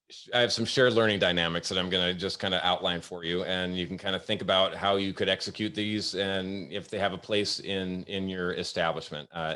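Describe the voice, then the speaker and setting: A man with a very low, deep voice hosts a casual webinar. He tells work stories at an easygoing pace, pausing often with ums and uhs, speaking over what sounds like a video call. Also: sharp tone. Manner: storytelling, halting with many fillers. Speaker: host. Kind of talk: casual webinar talk with anecdotes.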